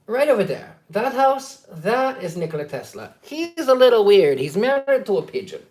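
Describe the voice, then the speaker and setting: A man's voice: sing-song, moderate pace, darkish tone. A man voicing the ghost of a dead male inventor who gossips catty remarks and whines about not getting credit. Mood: gossipy. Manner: catty gossip turning to high whiny complaints. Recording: roomy echo.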